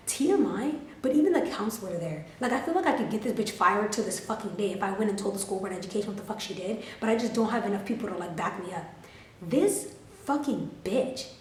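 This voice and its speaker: A woman in her twenties telling a storytime to her camera, animated, profane and full of "like" fillers. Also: mid-range voice, distant mic. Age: 20s. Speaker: vlogger. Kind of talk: storytime vlog. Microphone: camera filming herself. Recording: roomy, mic set back.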